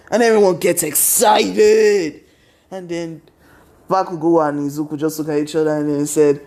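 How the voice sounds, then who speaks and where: A man's voice: on the high side, fairly even intonation, measured pace, dark tone. A young man casually retelling a fan story, rambling from one event to the next. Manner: rambling, strings events with "and then he's like".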